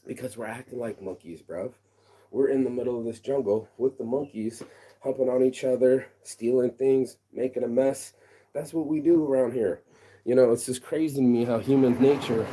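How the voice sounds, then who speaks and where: A man's voice: medium pitch, dark tone. A man ranting in a casual outdoor vlog, rambling and slangy, telling a story with lots of energy. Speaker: vlogger. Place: outdoors among trees.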